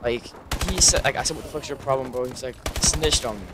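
A man's voice: mid-range voice, fast, heavy background noise. Young man rambling over game gunfire. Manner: rambling, subdued, heavy swearing, lots of fillers. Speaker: gaming YouTuber. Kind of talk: casual commentary over gameplay. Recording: gunfire from gameplay behind voice. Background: video game gunfire.

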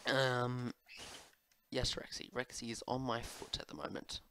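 Slow, rambling man chatting over gameplay. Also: medium pitch, completely flat delivery, sharp tone, a little hiss or hum. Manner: rambling and chatty, with many fillers, asides to his pet. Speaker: Minecraft YouTuber. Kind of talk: casual gameplay commentary answering viewer questions. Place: home room at his desk.

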